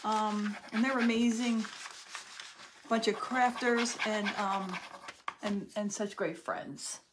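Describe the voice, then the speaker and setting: A woman's voice: medium pitch, steady tone, slow pace. Woman, craft host, casual live demonstration, talks while working, noticeable background noise.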